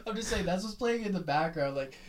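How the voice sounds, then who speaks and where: A man's voice: high voice, expressive. Young man making joking asides. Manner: joking interjections, quick asides. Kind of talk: casual chat.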